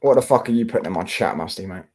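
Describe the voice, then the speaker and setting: A man's voice: sits low, expressive, rapid-fire, dark tone, breathy edge. A young man from London with a London accent, hosting a casual football livestream and answering his chat in slangy, swearing talk.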